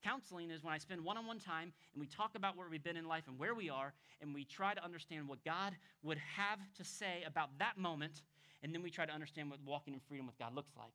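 A male pastor preaching a sermon in an emphatic way, dropping to hushed tones and rising to loud exclamations. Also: a little high, quick pace.

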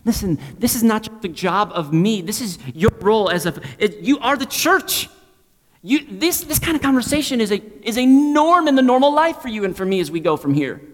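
A man preaching a sermon as pastor, swinging from loud emphasis to hushed near-whispers and repeating phrases for emphasis. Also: high voice, lively intonation, brisk, hardly any pauses, long reverb tail.

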